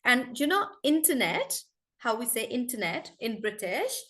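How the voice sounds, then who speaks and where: Woman running an accent class online, kinda high voice, chatty, drags out example words. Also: sing-song, moderate pace, a bit bright. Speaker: accent teacher.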